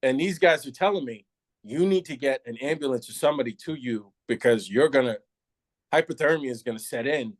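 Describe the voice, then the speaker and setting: A middle-aged man, retired from the New York City police force, tells a candid story in a medium-pitched voice at a fairly quick clip, with no echo. He's animated, laughing often and acting out other people's lines.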